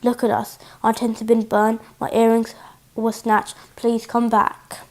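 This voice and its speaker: A woman reading the slow, pleading lines of a small grieving girl. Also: fairly high pitch, monotone, darkish tone.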